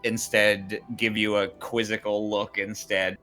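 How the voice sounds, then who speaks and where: A young man running a tabletop game as game master, narrating in a relaxed, hesitant way full of fillers. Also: fairly low pitch, measured pace, soft background music.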